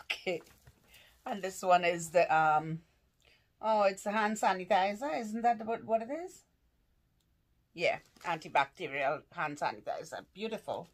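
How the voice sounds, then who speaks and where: A woman's voice: fairly low pitch, expressive, a little slow, long pauses. A woman vlogger opening fan mail and gifts, gushing and exclaiming with lots of laughter as she wrestles with the packaging. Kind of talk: casual unboxing vlog.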